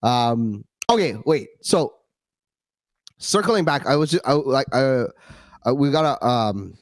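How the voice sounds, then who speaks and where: A man's voice: mid-range voice, slow pace, no echo. A man co-hosting a podcast, telling stories in casual, crude banter, swearing often and acting out what he said. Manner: profane, animated storyteller, acts out quotes. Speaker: podcast co-host.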